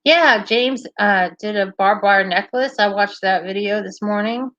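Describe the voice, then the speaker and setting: A medium-pitched, fairly bright female voice at a measured pace belongs to a livestream host who casually and cheerfully chats with viewers. She's bubbly, laughs a lot and keeps up with live comments. No echo, but the recording is muffled.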